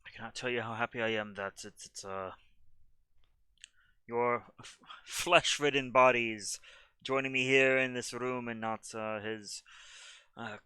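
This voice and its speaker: A man's voice: mid-range voice, fairly even intonation, unhurried, pauses often, bright, forceful tone, clear, resonant tone, no room sound. A man playing a fretful bearded ally. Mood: relieved. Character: bearded male ally, anxious and overjoyed.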